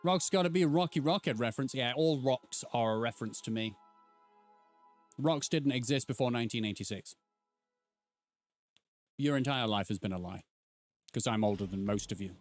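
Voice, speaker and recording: A man's voice: medium pitch, moderate pace, long pauses, soft background music. A man in his thirties doing live gameplay commentary, bantering playfully and teasing his chat. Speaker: streamer.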